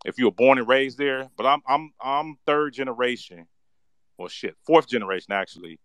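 A man's voice: medium pitch, moderate pace, a bit bright, no room sound. A man from Oakland, California, giving a heated, profane callout to a candidate on a livestream panel. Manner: angry, profane, ranting. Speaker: panel speaker addressing a candidate.

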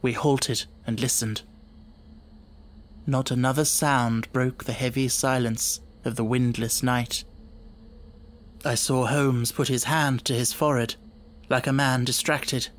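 A man narrating an audiobook in a steady, dramatic storytelling manner. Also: medium pitch, slow pace, pauses often.

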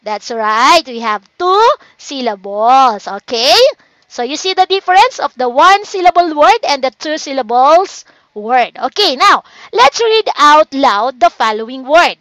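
A woman with a Filipino accent teaching a children's phonics lesson online in a slow, coaxing teacher voice. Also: high-pitched, animated, a bit bright, no echo. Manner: slow, coaxing teacher talk, reading out learners' names. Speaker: online tutor.

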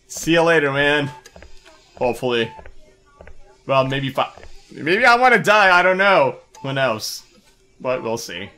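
This young man's slightly high voice sounds pushed and bright, very animated, at normal speed. Hosting a gaming video, he commentates a let's play in a jokey, goofy way, cursing and laughing as he goes.

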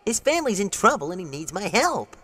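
A woman voicing an eager young male mouse who races, with an earnest and excitable manner. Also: medium pitch, a little fast, husky, no room sound.

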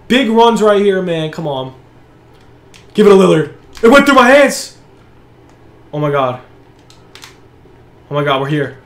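A young man who hosts a gaming channel, giving live commentary on his own game. He shouts and cheers at big plays, then talks calmly. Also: high-pitched. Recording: echoey room.

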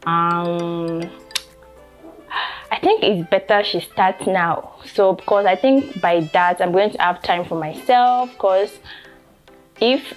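A woman's voice: lowish voice, slow pace, soft background music. A young Nigerian woman talking to camera in a casual vlog, chatty, repeating herself and filling with "you know". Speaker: vlogger and photographer.

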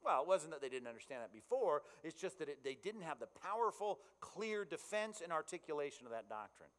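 Male pastor, conversational sermon, slightly high voice, long hall echo. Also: sing-song, a little fast, a bit bright. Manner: conversational, checks in with the audience. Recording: long reverb in a large hall.

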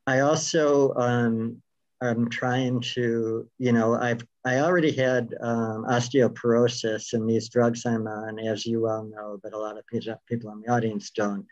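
A man's voice: medium pitch, a little mellow, dull audio. A man talking as a guest on a video call interview, rambling with many fillers and restarts.

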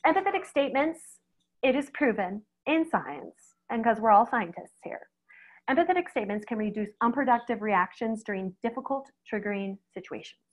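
A middle-aged woman with a slightly high voice gives a conversational webinar talk as a veterinarian. She speaks straight to her listeners in a lively way and often acts out other people's reactions. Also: moderate pace, poor audio. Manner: lively, acts out quoted reactions, addresses audience directly.

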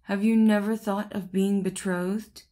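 A woman's voice: medium pitch, unhurried, natural voice. A woman reading as a pompous boastful collar. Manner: pompous, gushing flattery. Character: vain boastful male shirt collar, flattering suitor.

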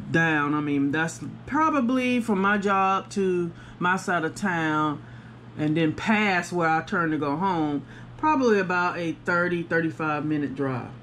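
A woman chatting to viewers about her day while she works on a craft project, animated and talking straight to the camera. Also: slight background noise. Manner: acts out other people's voices with big pitch jumps. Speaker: craft vlogger. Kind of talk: casual storytelling while crafting.

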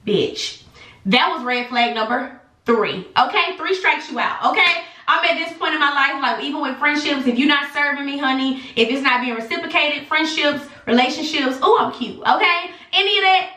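Sassy young woman vlogging a storytime, bright edgy voice, kinda high, echoey room. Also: moderate pace. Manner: animated and sassy, addresses viewers as y'all. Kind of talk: casual storytime chat to camera.

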